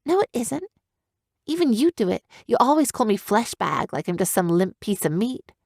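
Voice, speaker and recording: A woman reading an audiobook, voicing a headstrong young human girl raised among griffins, with high, strained, intense outbursts. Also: big pitch swings, moderate pace, gravelly, darkish tone, no room sound, studio quality. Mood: hurt.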